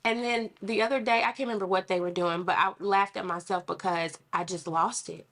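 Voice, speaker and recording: A woman in casual podcast chat, telling lively stories about her children and acting out what was said. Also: mid-range voice, a little fast. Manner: animated storyteller, acts out quotes. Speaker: mother on a podcast.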